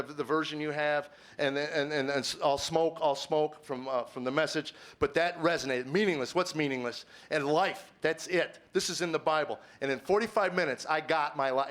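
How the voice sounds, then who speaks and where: Man, stand-up comedian, middle-aged, animated storytelling, higher voice. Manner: animated, acts out dialogue with voice shifts. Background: audience laughter.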